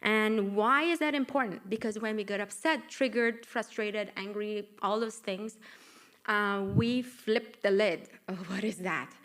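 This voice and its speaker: A middle-aged woman with a Persian accent giving a lively talk at her book launch, coaxing the audience and asking for agreement. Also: mid-range voice, a little slow. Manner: animated, coaxing, asks the room for agreement. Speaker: author and workshop speaker. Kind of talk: live book launch talk with group exercises. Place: event room with live audience.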